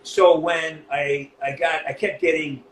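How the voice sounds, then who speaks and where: A middle-aged man from New England with a Northeastern US accent, speaking as an interview guest, blunt and animated, with a lot of swearing. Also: on the high side, a little slow, reverberant, slight background noise, rough recording. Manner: blunt, profane, animated storytelling. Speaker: voice actor guest. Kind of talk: candid interview.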